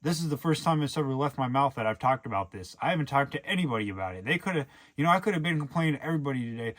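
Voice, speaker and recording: A man's voice: medium pitch, expressive, racing, a bit bright. A young man talking earnestly in a rambling way, with lots of fillers, in a casual personal vlog monologue. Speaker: vlogger.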